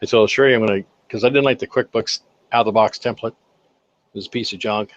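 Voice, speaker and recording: An older man, the guest of an interview, telling folksy, animated anecdotes about his accounting work with contractors and acting out the quotes. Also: lowish voice, brisk, no echo. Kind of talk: casual interview storytelling. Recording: slightly dull lo-fi sound.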